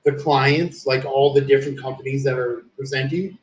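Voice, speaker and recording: A man in casual storytelling chat, crude and rambling, leaning on "dude" and constant swearing. His voice sits at an everyday pitch. It is heard from a little way off the mic in an echoey room with faint background noise. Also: level tone, normal speed. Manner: profane, rambling, says "dude" often. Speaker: streamer. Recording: roomy, distant from the mic.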